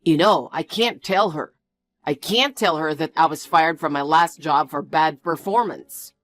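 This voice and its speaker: A woman's voice: deep voice, a little slow, a bit bright, no room sound, faint music behind. A woman voicing a defensive, bossy young man who talks in a curt, scolding way. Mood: evasive.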